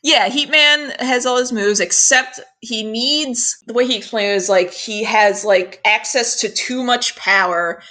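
A woman's voice: on the high side, a little slow, few pauses, sharp tone. A young woman in casual podcast chat, recapping an anime episode with lots of laughter and casual swearing. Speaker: podcast co-host.

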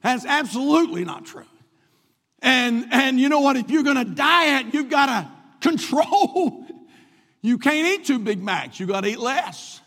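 High-voiced preacher in an echoing hall. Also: male voice, very animated, fairly bright tone. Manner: emphatic preaching, drawn-out key words. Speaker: pastor. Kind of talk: sermon. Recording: long reverb of a large hall.

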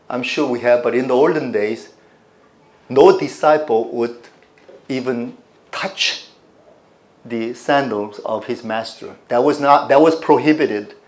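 A man's voice: medium pitch, reverberant. A man pastor preaching a teaching sermon, putting questions to his congregation as he explains scripture.

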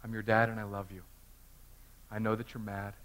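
A man voicing God as a gentle father. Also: on the low side, little pitch movement, moderate pace, lightly acted. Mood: tender. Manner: soft, tender, reassuring.

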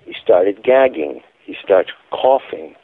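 Calling in to a radio show, a man with a low, animated voice tells his story slowly but emphatically and insistently. The sound is dry and tinny, like a phone line.

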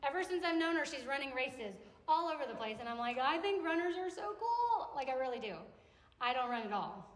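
A high-voiced, fast-talking woman from a campus ministry preaches an animated, conversational sermon with acted-out quotes. The recording is in an echoey hall with long reverb.

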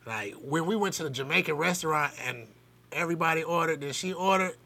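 A Southern man tells a rambling, profane story on a podcast. His pitch jumps around a lot as he talks. The tone is very bright and cutting. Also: fairly quick, creaky. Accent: Southern US, Georgia. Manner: animated anecdote-telling, profane. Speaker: podcast co-host. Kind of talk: casual chat.

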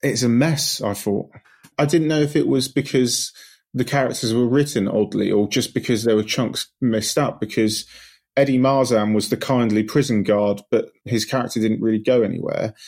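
A man's voice: mid-range voice, steady tone, moderate pace, darkish tone. A man giving a frank, chatty film review, sometimes repeating words. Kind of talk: casual film review chat.

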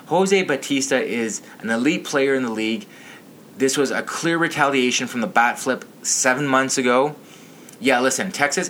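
A man's voice: mid-range voice, sharp tone, a little hiss or hum. A man ranting about sports to his channel's viewers, outraged, profane and a little tipsy.

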